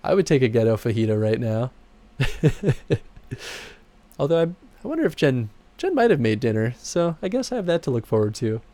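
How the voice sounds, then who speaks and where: A man casually chatting with viewers on his livestream while game credits roll. He laughs often and his voice jumps high when he gets excited. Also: moderate pace, no echo. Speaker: streamer and game producer.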